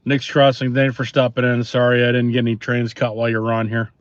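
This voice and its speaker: A man chatting casually with viewers on a live stream, relaxed and rambling, with many pauses and fillers, recorded on a phone outdoors. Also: medium pitch, no room sound. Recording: dull lo-fi phone audio, faint noise.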